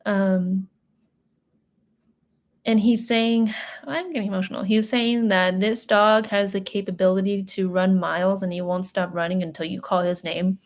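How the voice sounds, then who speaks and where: A woman's voice: mid-range voice, flat delivery, measured pace, pauses often. A young adult woman giving a live psychic reading in a chatty, emotional way, full of fillers and little laughs. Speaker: tarot and psychic reader. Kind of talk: live reading, casual chat.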